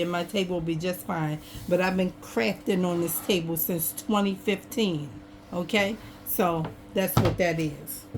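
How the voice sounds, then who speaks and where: A woman's voice: mid-range voice, background noise. Chatty woman showing craft buys. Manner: chatty, folksy, talks straight to viewers. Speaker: craft vlogger. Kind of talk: casual chat. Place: home craft table indoors. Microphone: camera on an over-table tripod.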